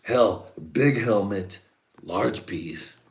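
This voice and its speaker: A man doing a slow, drawn-out impression of a boastful older male politician who praises himself. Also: fairly low pitch. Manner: slow drawn-out bragging delivery.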